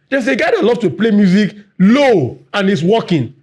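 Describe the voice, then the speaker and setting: Man, facilitator, high voice, fast and animated, asks the audience questions. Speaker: workshop facilitator. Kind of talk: live workplace training talk.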